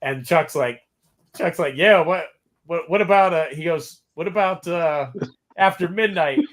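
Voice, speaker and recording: A man hosting a podcast, telling a story in a casual way and quoting people in lively voices. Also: on the high side, a little slow. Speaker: podcast host.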